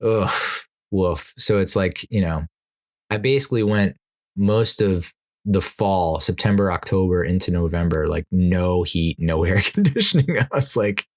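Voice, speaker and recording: Low male voice, podcast host, casual and rambling, quick to laugh, exasperated asides. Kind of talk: casual solo podcast chat.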